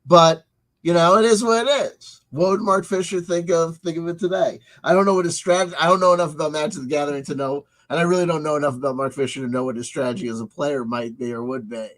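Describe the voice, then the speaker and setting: On a poorly recorded livestream, a male host with a slightly high, somewhat bright voice talks quickly in a steady tone. He reads live chat and wanders through his commentary, restarting and repeating phrases often.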